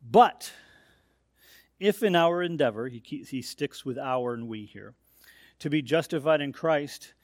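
A man's voice: a little high, lively intonation, measured pace, pauses often, no echo, clean studio sound. Emphatic man preaching verse by verse. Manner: emphatic, explains verse by verse with rising stress on key points. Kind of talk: expository sermon.

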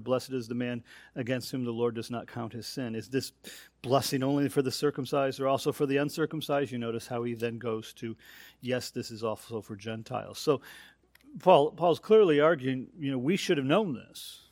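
Man, sermon, emphatic verse-by-verse teaching, mid-pitched voice, dry close sound. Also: moderate pace, darkish tone, no echo. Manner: emphatic, explains verse by verse with rising stress on key points. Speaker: preacher. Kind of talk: expository sermon.

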